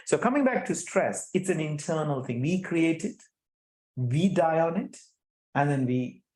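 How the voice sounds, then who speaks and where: A middle-aged man speaking as a guest, animated, often restarting and repeating words and putting rhetorical questions to the audience. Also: on the high side. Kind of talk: conversational talk at an online chapter event. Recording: echoey room sound.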